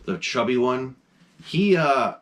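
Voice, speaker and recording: A man talking at a desk in his home mask room, rambling with plenty of "um"s and restarts. His voice climbs and dips a lot, and his pitch sits in a middle range. He sounds keen and easygoing, like a casual vlog chat. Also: lively intonation, takes it slowly, slight background noise. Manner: rambling, enthusiastic, many fillers. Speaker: horror mask collection host.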